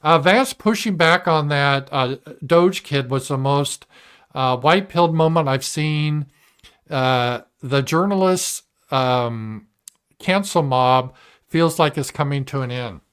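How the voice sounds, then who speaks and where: A male livestream host talking in a slightly high voice, in a loose, blunt commentary monologue. He swears freely and reads viewer messages aloud between remarks. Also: slow, a bit bright, smooth. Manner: blunt and profane, mimics opponents in mocking voices. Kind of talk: casual political commentary monologue.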